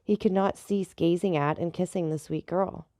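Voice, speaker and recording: A woman narrating a classic novel in a measured storybook reading, giving the dialogue light voices. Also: fairly low pitch, fairly even intonation, dark tone, dry recording, studio quality. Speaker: audiobook narrator.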